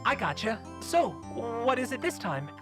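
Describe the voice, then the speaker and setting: A woman's voice: a little high, big pitch swings, moderate pace, music in the background. A woman voicing a cheerful, teasing young woman talking to her older sister. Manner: playful, teasing.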